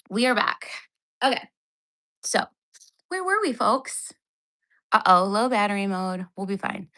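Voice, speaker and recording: A woman in her thirties chats through a phone livestream at home with a high, bright voice. She sounds exasperated and keeps up a running sarcastic commentary. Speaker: livestream host. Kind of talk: casual livestream unboxing. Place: home, indoors.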